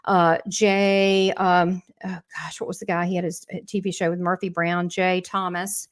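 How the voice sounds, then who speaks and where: A woman's voice: on the low side, little pitch movement, moderate pace. A woman hosting a live spiritual lesson, talking in a rambling, conversational way with restarts and asides, and turning encouraging and motivational. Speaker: host and spiritual teacher.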